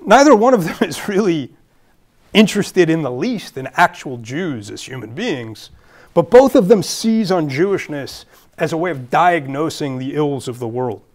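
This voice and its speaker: A man's voice: on the high side, very animated, normal speed, darkish tone. A man with a Brooklyn accent giving a public lecture as a guest speaker, earnest and thinking aloud with fillers and restarts.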